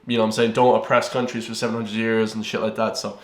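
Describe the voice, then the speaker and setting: Fast-talking Irish man ranting. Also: lowish voice, flat delivery, echoey room, slight background noise. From Ireland. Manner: heated, ranting, many fillers and repeated words. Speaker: reaction video host. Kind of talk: casual ranting commentary.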